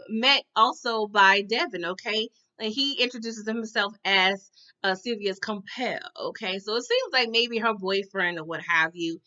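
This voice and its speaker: A woman's voice: on the high side, pushed and bright. A woman recapping a TV episode in casual chat, with sassy slangy asides and lots of "you know" and "okay?" tags. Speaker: TV recap reviewer. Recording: dull lo-fi sound.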